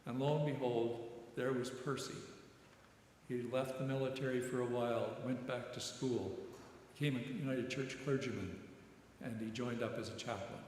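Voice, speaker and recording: An older man gives a rambling, halting sermon reflection at a middle pitch, stumbling over repeated words as he tells his story. His voice rings through a very echoey church sanctuary with a long reverb tail and faint background noise. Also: fairly even intonation, darkish tone. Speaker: retired military chaplain giving a reflection.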